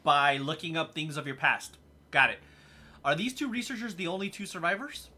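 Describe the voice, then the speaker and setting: Bright-voiced sarcastic gaming host. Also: male voice, on the high side. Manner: quick, sarcastic, reactive. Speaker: gameplay host. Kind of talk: casual let's-play commentary.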